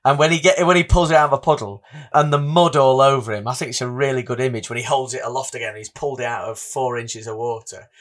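A man's voice: medium pitch, fairly even intonation, fast talker, a bit bright. Male podcast co-host, eager and rambling, casual film talk. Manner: enthusiastic, rambling with restarts. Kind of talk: casual film review chat.

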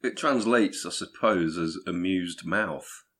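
A man's voice: deep voice, slow, a bit bright. A man co-hosting a podcast, chatting casually in a dry, matter-of-fact way. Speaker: podcast co-host. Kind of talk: casual comedic chat.

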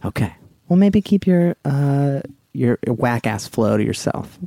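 A man's voice: mid-range voice, lively intonation, unhurried, gravelly, warm tone, no room sound. A man playing an edgy female flight attendant in an improvised comedy sketch, flustered and prone to swearing outbursts. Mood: threatening.

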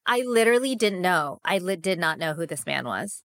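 A woman co-hosting a casual gossip podcast, curious and quick with questions. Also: fairly low pitch, expressive, fairly bright tone, dry recording, clean studio sound. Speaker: podcast co-host.

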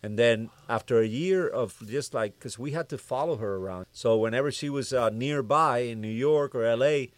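A man's voice: mid-range voice, normal speed, hardly any pauses, no room sound. A man, a music producer, telling stories in an interview and acting out the dialogue of the people in them. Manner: animated storyteller who acts out quoted dialogue. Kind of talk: storytelling interview chat.

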